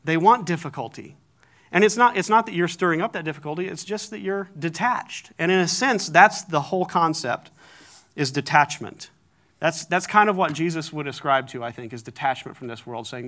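A man's voice: a little high, moderate pace, a bit bright. An American man giving a conversational sermon, joking and correcting himself as he goes. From United States. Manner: conversational, self-correcting, lightly humorous. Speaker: pastor.

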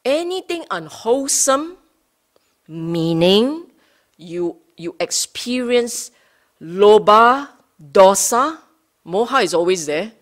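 A woman teaching Buddhist Dhamma to a study group, unhurried, rephrasing her points and often checking in with her listeners. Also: medium pitch, very animated. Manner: rephrases and repeats points for emphasis.

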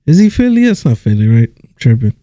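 Dark-voiced joking man, laughing a lot. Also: mid-range voice, sing-song, fast talker, no room sound. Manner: joking, laughs often, swears. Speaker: podcast co-host. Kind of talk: casual chat.

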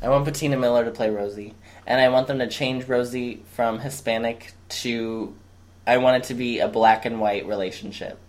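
A man's voice: mid-range voice, fairly even intonation, moderate pace. A man co-hosting a podcast in casual chat, joking in a dry, sarcastic way. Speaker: podcast co-host.

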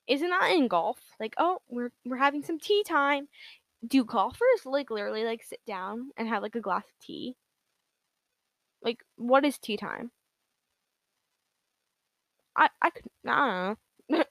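A woman's voice: fairly high pitch, expressive, unhurried, gravelly, long pauses, a bit bright, no room sound. A young woman hosting her own podcast, talking casually in a rambling, giggly way full of "like" and "um.". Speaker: podcast host. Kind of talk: casual solo podcast monologue.

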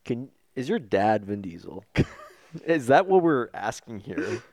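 A man co-hosts a casual podcast in a loose, joking way, cursing freely and breaking into laughter. His pitch swings widely as he riffs. The sound is dry and close, with little room echo. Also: very animated, a little mellow. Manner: joking, swearing, quick bursts of laughter. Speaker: podcast co-host. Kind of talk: casual chat.

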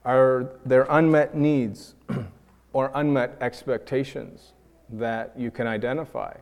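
Male preacher from New York, mid-range voice, lively sermon delivery, acts out quoted voices, large reverberant hall. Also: mid-range voice, slow. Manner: animated, acts out quoted voices, repeats words when building a point.

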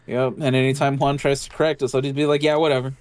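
A man's voice: medium pitch, little pitch movement, fast, clean tone. A man co-hosting a podcast in casual chat, rambling, swearing often and filling his talk with "like". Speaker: podcast co-host.

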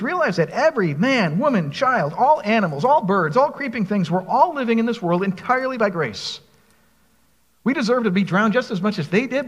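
Male pastor, high and animated delivery, breathy tone, long reverb. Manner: expressive preaching, reads scripture aloud, asks the congregation questions. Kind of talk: sermon.

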